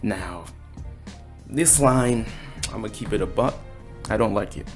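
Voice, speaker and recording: A man giving a casual, excited chapter review, talking in slang and acting out the characters' lines. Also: lowish voice, a little slow, soft background music. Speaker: anime and manga reviewer.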